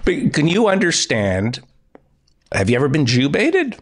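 A middle-aged man hosting a comedy podcast, lecturing in a wry, animated way. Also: a little high, measured pace, slight background noise. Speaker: podcast host.

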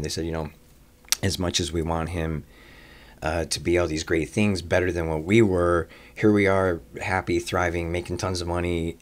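Deep-voiced man telling long anecdotes. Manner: long anecdotes with frequent "uh" fillers and restarts; swears casually. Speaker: restaurateur guest. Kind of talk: personal storytelling in conversation.

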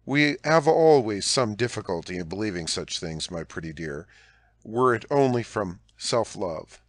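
A man's voice: lowish voice, lively intonation, a little slow, no room sound. A man reading a proud, self-assured young male swordsman in an audiobook, speaking in a confident, gallant manner.

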